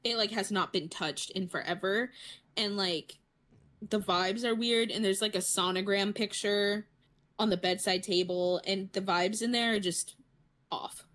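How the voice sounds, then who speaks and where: A woman's voice: mid-range voice, steady tone, measured pace, a bit bright. A woman co-hosting a podcast, chiming in with wry asides during a casual film recap. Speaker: podcast co-host.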